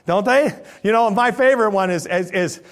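A man's voice: sits high, moderate pace. A middle-aged male pastor preaching a sermon, rising and dropping his voice for emphasis. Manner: animated preaching, rises and drops for emphasis.

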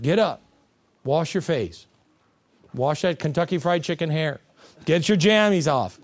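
Guy preaching w a pretty high voice, playful, jokey, does little voices for the stories. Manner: animated, humorous, acts out quotes and cartoon voices. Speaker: pastor. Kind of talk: sermon.

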